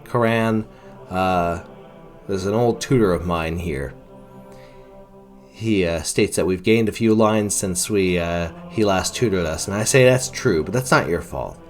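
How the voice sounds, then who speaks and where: Deep-voiced man narrating a fantasy game. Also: a little slow, soft background music. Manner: retells characters' lines in first person, with fillers. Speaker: game player narrating a playthrough. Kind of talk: role-play narration of a video game.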